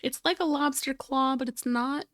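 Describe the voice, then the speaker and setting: Woman streamer, casual rambling chat, slightly high voice, dry close mic. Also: fairly even intonation, moderate pace, a bit bright, dry recording. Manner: rambling, searching for words, playful sound effects.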